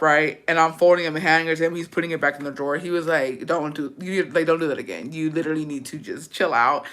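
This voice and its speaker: A woman's voice: low voice, fairly bright tone. Chatty, profane young woman storyteller. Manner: profane, chatty, mixes in Spanish words. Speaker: livestreamer. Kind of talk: casual storytelling chat.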